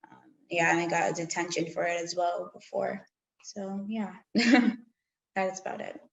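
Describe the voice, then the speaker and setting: Teen girl, low gravelly voice, roomy hall, candid storyteller. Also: flat delivery, moderate pace, muffled recording. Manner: candid, storytelling with acted-out quotes. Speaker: student panelist. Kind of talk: personal account at a panel discussion. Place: public library meeting room.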